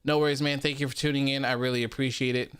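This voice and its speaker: A young man hosts a live wrestling post-show in a loose, chatty way. He reads viewer comments aloud and laughs easily. His voice comes across smooth and clear in a dry, close setting. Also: medium pitch, little pitch movement, fast, fairly bright tone, no room sound. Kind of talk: casual live-stream commentary.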